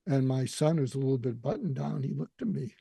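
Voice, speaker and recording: Older man, gravelly, husky, dark mellow tone, dry close sound, earnest emotional storytelling. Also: mid-range voice, animated, fairly quick, dry recording. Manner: earnest, emotional, quotes others' words. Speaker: guest. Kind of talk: reflective personal storytelling.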